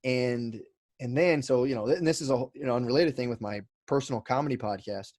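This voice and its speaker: A man's voice: mid-range voice, fairly quick, a little mellow, no echo. A man telling a long story as a podcast guest, rambling with lots of fillers, restarts and swearing. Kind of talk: casual storytelling chat.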